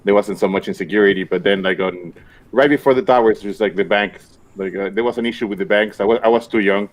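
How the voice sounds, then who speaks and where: A man's voice: lowish voice, quick pace. A man from Argentina, living abroad for two decades, chatting casually in a rambling way with many fillers. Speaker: guest. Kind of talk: casual chat.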